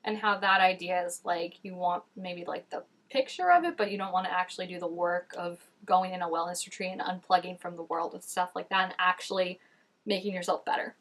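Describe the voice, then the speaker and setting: A woman's voice: fairly low pitch, fairly even intonation, brisk, a bit bright. A woman hosting a reaction video, talking casually as she reacts to scenes and filling her speech with "like". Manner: chatty, frequent "like", reacting to scenes.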